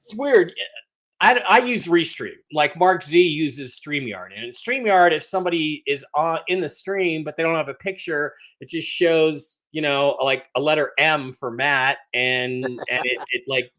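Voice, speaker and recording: Unhurried and a bit bright, this man's slightly high voice carries a relaxed livestream where he says hello to chat viewers and ribs them while rambling on.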